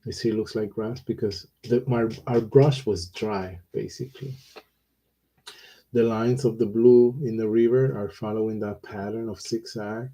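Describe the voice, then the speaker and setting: Male art teacher, very dark mellow tone, unhurried demo delivery, slight background hiss. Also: lowish voice, fairly even intonation, poor audio. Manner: slow, thinking aloud while he paints, with pauses and fillers. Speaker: watercolor teacher. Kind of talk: relaxed painting demonstration.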